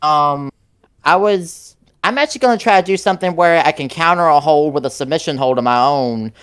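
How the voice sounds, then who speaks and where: A man's voice: fairly high pitch, a little fast, fairly bright tone, clean tone. A man playing a tabletop wrestling game, talking hesitantly with many fillers. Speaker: player. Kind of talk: casual tabletop play.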